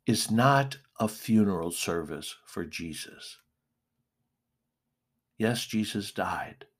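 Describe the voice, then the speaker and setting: A middle-aged male pastor preaching a sermon, slow and deliberate with emphatic pauses. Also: on the low side.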